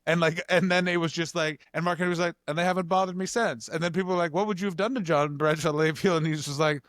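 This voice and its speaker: A man co-hosting a podcast, telling stories in an animated, ranting way full of swearing. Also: high-pitched, fast talker, few pauses, no room sound, clean studio sound. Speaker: podcast co-host. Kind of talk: casual comedic chat.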